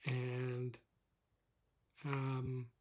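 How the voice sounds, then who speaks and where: A man's voice: medium pitch, monotone, drawn-out words, a little mellow. A young man from Calgary ranting casually to camera as a vlogger, swearing a lot, laughing often and rambling. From Calgary, Canada.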